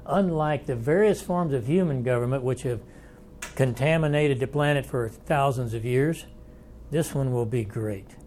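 A man's voice: mid-range voice, normal speed, a little mellow, slight background noise. A man teaching a Bible study lecture in a folksy, conversational way, thinking aloud and inviting questions from the class.

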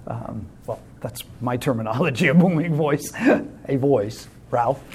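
A man's voice: medium pitch, animated, unhurried, a little mellow, slightly rough. A man teaching a Bible study class in a conversational way, explaining with simple illustrations and calling on class members.

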